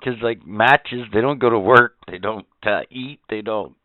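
A man's voice: lowish voice, unhurried, dry recording. A man co-hosting a casual podcast chat, ranting and swearing as he gets worked up. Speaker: podcast co-host. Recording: tinny phone-like sound, dry.

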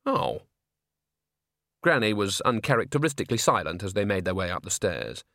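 Brief: male audiobook reader, lively pitch, dry close sound. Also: fast talker, dry recording. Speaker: audiobook narrator. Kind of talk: audiobook narration.

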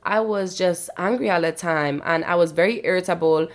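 A woman with a somewhat low voice hosts her own podcast alone. She speaks casually and candidly, reflecting out loud on her own past. She keeps checking in with "you know what I'm saying". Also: normal speed. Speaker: podcast host. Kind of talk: reflective personal monologue.

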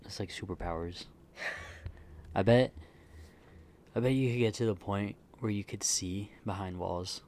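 Low-voiced man musing playfully. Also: unhurried, long pauses, darkish tone. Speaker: podcast co-host. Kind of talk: casual chat.

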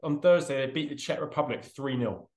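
A man co-hosting a casual podcast, dry and deadpan, with a sarcastic edge and casual swearing. His voice sits in a roomy, echoey space as he thinks out loud. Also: mid-range voice, a little fast. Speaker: podcast co-host. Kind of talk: casual chat.

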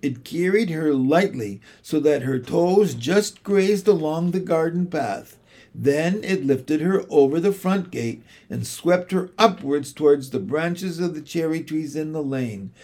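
A man narrating a children's classic as an audiobook, measured and expressive. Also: on the high side.

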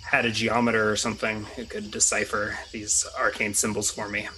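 Bright-voiced man thinking aloud as a player. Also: on the low side, completely flat delivery, a little fast, slight background noise, poor audio. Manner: chatty, thinking aloud, hesitant restarts. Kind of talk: casual tabletop game play.

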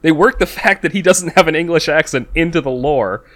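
A man's voice: on the high side, brisk, fairly bright tone. A man co-hosting a podcast in casual chat, talkative, repeating words as he starts a thought. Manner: talkative, repeats words when starting, quotes lines in a put-on voice. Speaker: podcast co-host.

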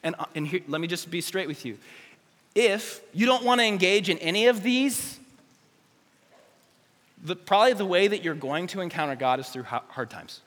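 Energetic male youth preacher, bright tense tone, big reverberant hall. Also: high voice, moderate pace, pauses often. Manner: energetic, joking, speaks straight to teens. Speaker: youth pastor. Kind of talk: youth sermon.

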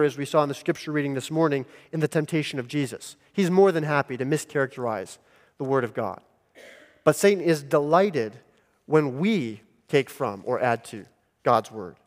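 A male pastor preaching a sermon in a deliberate, emphatic teaching manner. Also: a little high. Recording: long hall reverb.

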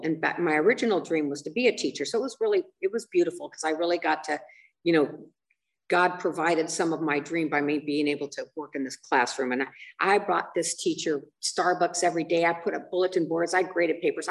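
A middle-aged woman shares her recovery story in a low, gravelly voice with a chatty, lively manner. She keeps checking in with her listeners with "you know" and "right?". Her voice is picked up from some distance away from the mic. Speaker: recovery meeting speaker.

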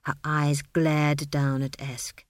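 A woman narrating a comic fantasy novel with expressive, dramatic storytelling. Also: deep voice, takes it slowly, no echo, studio quality. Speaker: audiobook narrator. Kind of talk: scripted narration.

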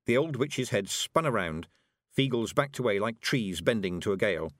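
A man narrating a storybook in an expressive, measured way. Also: lowish voice, no room sound, studio quality. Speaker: audiobook narrator.

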